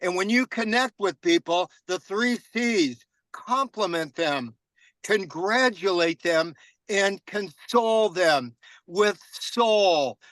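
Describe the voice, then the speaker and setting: Male, earnest storyteller who repeats key phrases for effect, dry close sound, crisp bright tone. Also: sits high, expressive, slow pace, no room sound, rough recording. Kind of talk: casual group call sharing.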